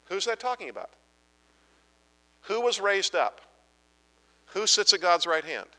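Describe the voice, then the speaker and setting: A man preaches a Bible-teaching sermon with a bright, forceful edge to his voice. He pushes each point hard and keeps asking the congregation to answer him. His voice rings through a large hall with a long tail of reverb. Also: high voice, big pitch swings, unhurried. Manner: emphatic, asks the audience repeated questions.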